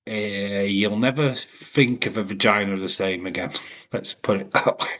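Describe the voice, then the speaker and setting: Bloke streaming, slow drawl, swears a lot, winds up the chat. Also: male voice, fairly low pitch, a bit bright. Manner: sweary, bantering with the live chat; mock-offended teasing. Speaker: streamer hosting a wrestling watch-along. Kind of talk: casual live-stream commentary.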